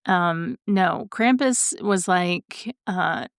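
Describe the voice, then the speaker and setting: A woman co-hosting a podcast in casual chat, easygoing and quick to giggle. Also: mid-range voice, clear, resonant tone, no echo, clean studio sound. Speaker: podcast co-host.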